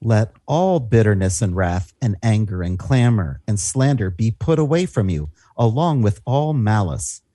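Calm husky man reading scripture. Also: fairly low pitch, a little slow, hardly any pauses, no echo, clean studio sound. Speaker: Christian radio co-host.

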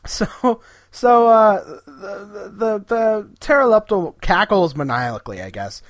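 A podcast co-host casually recapping an episode, animatedly retelling scenes and quoting characters in quick voices. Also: medium pitch, lively intonation, no echo, studio quality.

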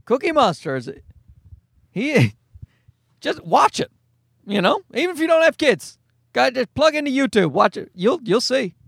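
Animated, high-voiced ranting man. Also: a little slow, gravelly, long pauses, breathy edge, no echo, clean studio sound. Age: adult parent. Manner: profane, animated, exasperated storytelling. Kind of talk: comedic rant monologue.

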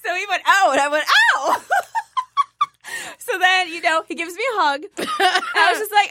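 A woman's voice: sits high, sing-song, fairly quick, sharp tone, no room sound. A woman telling a story in casual chat, acting out each line of dialogue and laughing often.

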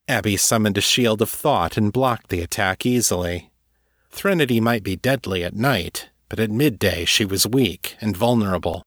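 Low-voiced man narrating a story. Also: unhurried, fairly bright tone, no room sound, studio quality. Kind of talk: serial fiction reading.

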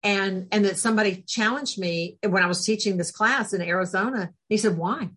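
A woman's voice: medium pitch, a little fast, breathy edge. A talkative, spunky woman telling stories as a podcast guest, laughing often. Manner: laughs often, animated storytelling. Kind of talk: casual interview chat.

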